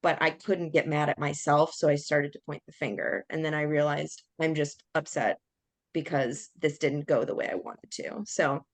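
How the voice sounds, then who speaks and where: A young adult woman hosts a podcast, candidly sharing a personal story in casual conversation and acting out the quotes. Her low-pitched voice is steady in tone, at normal speed, with no room sound.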